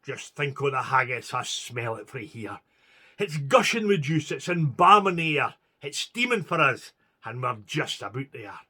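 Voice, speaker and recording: A man's voice: mid-range voice, big pitch swings, moderate pace, sharp tone, slightly rough, heavily acted. Guy doing a hurt scots soldier, no legs, still cheery, coaxing his mate along in thick dialect.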